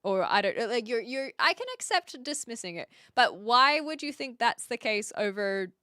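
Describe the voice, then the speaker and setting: A woman streamer talking casually on a live reaction stream, quick to get exasperated and argue back at her chat. Her voice is bright, smooth and a little high. The sound is dry and close. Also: lively intonation, dry recording.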